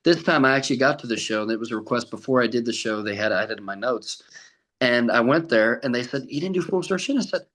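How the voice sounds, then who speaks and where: A young man in a relaxed podcast conversation, pitched in the middle range. He tells stories at length, laughs often, and briefly mimics the people he quotes. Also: quick pace, rough recording. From Colorado. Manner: chatty storyteller, laughs often, acts out other voices. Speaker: tribute artist for a famous singer, guest. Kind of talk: casual podcast chat.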